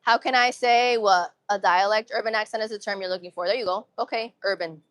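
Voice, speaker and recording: A woman's voice: medium pitch, fairly even intonation, fairly quick, no echo. Young woman, New England accent, chatty livestreamer, dry close sound. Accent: New England with urban slang. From Massachusetts, New England. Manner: chatty, repeats phrases, upbeat. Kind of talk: casual live-stream chat with viewers.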